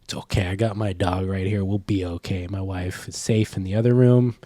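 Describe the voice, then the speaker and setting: Mellow man, casual and joking, dry podcast sound. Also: low-pitched, fairly even intonation, fairly quick, no echo. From California. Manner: joking, laughs often. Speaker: podcast co-host. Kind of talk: casual chat.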